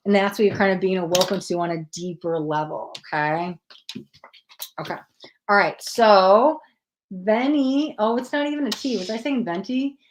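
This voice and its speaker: A woman in mid pitch chats casually on a tarot livestream. She greets and thanks viewers by name and jokes about her own trouble with names. A faint hiss sits under her voice. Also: normal speed. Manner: self-deprecating, stumbles over names. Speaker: tarot reader hosting a livestream.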